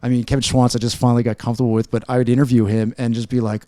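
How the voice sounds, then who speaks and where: A man's voice: mid-range voice, flat delivery, very fast, mellow, dry recording. An American man hosting a podcast interview, asking eager, friendly questions. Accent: American English. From United States. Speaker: podcast host. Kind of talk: casual interview.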